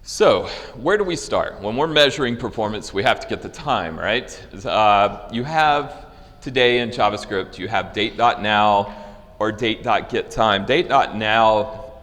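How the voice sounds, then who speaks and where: A man's voice: lowish voice, measured pace, a bit bright, long reverb tail. A man giving a technical conference talk with live demos, casual and loose, with frequent fillers and restarts. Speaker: conference speaker. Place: conference hall.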